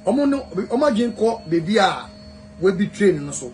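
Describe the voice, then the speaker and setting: A man's voice: high-pitched, very animated, moderate pace, a little mellow, soft background music, poor audio. A man with a Ghanaian accent, talking casually and animatedly as a guest, mixing Twi and English. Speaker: celebrity guest. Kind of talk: casual chat.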